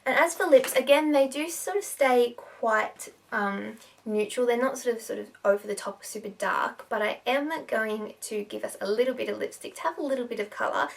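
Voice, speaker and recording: A woman's voice: a little high, normal speed, gravelly, few pauses, recorded from a distance. A woman giving a casual makeup tutorial, talking in a chatty way with lots of fillers.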